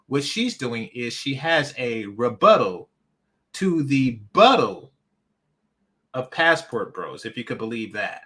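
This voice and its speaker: A man's voice: medium pitch, fairly bright tone. A man hosting a reaction commentary, emphatic and mocking, often repeating himself. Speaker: commentary channel host.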